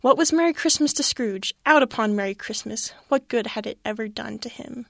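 A woman reading a classic story aloud in an expressive, dramatic way. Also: a little high, a little fast, creaky, no room sound.

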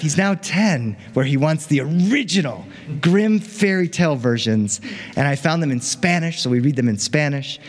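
A man telling a fairy tale live to an audience, animated and chatty with playful asides. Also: fairly high pitch, big-room sound. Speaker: storyteller. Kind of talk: live oral storytelling.

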